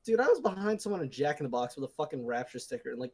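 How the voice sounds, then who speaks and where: A man's voice: on the high side, very animated, racing, few pauses, darkish tone, husky. Profane young man in loose podcast banter. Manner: loose, profane banter with mock-quoted voices. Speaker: podcast co-host. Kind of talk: casual chat.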